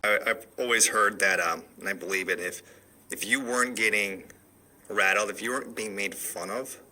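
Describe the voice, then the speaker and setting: Man guest, low-pitched and sharp-edged, earnest talk. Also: normal speed, slight background noise. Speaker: podcast guest. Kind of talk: casual conversation.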